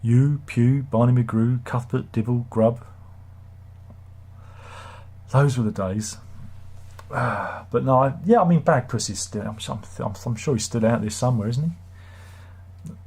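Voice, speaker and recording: A man hosts a casual live stream, reading viewers' comments and grumbling about them in a sardonic, rambling way. His voice is husky and sits in a middle pitch. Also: unhurried, long pauses, darkish tone. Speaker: livestream host.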